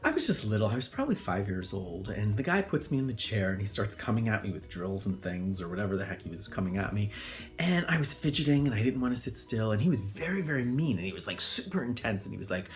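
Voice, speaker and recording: Chatty low-voiced man telling stories. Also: big pitch swings, fast, soft background music. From Connecticut, US. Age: older. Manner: chatty, rambling, full of fillers, acts out voices in high squeals. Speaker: hairdresser. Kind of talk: casual storytelling monologue.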